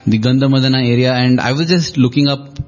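A man's voice: mid-range voice, fast talker, a little mellow, dull audio. A man in a devotional discussion, retelling scenes reflectively and acting out quoted lines with shifting emphasis.

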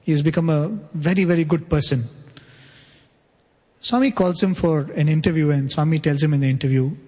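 A man telling an earnest devotional story to an audience, often checking in with a quick "right?". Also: fairly high pitch, dark tone, husky. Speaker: spiritual speaker. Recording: long hall reverb.

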